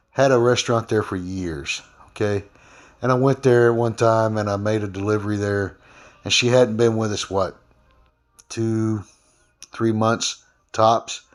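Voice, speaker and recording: A man, a former delivery driver, speaking in a rambling, aggrieved casual vlog with many fillers. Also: fairly low pitch. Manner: rambling, frequent fillers and restarts.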